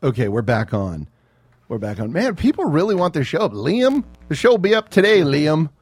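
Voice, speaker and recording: A man co-hosting a casual podcast chat, animated and swearing freely, often mimicking other people's voices. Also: on the high side, moderate pace, slightly rough, no room sound. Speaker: podcast co-host.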